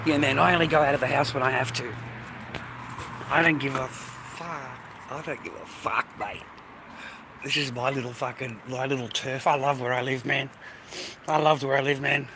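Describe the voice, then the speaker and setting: A man's voice: mid-range voice, steady tone, moderate pace. An Australian man vlogging casually, rambling and swearing as he talks to his viewers and calls them mate. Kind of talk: casual ranting vlog. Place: outdoors on streets and in shops. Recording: noisy street recording with traffic.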